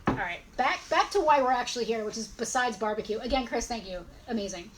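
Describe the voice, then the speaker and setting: High-pitched lady in her 40s hosting a live stream sale, rambly, keeps correcting herself, faint hiss behind. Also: expressive, quick pace, rough recording. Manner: chatty, rambling, corrects herself mid-sentence. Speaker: host selling collectibles. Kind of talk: casual live-stream sales chat.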